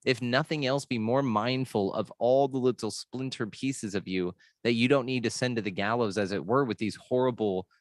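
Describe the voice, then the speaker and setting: A man's voice: medium pitch, moderate pace, hardly any pauses, dry recording, studio quality. An American man hosting a casual spiritual conversation, talking in an earnest, rambling way with the odd swear word. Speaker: podcast host.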